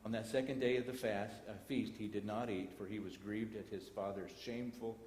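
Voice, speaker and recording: A man's voice: fairly low pitch, steady tone, a little fast, a little mellow, slight background noise. A man with a Texan accent teaching a Bible class in a church, reading scripture aloud and breaking into folksy asides. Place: church auditorium. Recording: echoey church hall broadcast.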